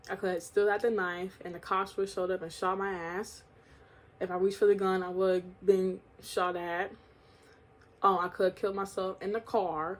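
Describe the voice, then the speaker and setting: A woman from New York telling a candid, slangy storytime vlog, swearing often and laughing between lines. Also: mid-range voice. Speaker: vlogger.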